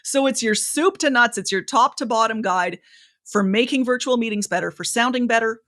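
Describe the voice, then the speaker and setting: Animated woman giving speaking advice. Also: fairly quick. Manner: animated, varied pitch, expressive. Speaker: guest, speaking coach. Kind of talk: podcast interview advice.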